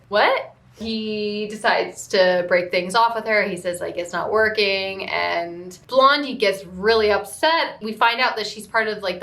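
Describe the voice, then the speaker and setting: A woman giving a casual, rambling movie recap at home, saying "like" constantly and breaking into excited squeals. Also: mid-range voice, echoey room. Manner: rambling, heavy use of "like", sudden excited squeals. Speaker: movie reviewer. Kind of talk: casual chatty film recap. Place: room at home.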